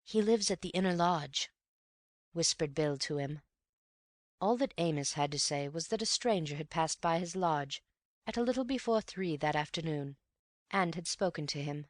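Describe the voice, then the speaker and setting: Woman, audiobook narration, low voice, dry close sound, measured. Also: dry recording. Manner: even, measured storytelling. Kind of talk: scripted narration.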